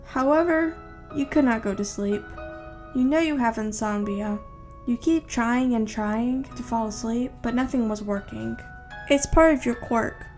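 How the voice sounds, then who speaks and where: Woman, fan-fiction reader, steady plain delivery, slightly high voice. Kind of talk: second-person fan-fiction narration.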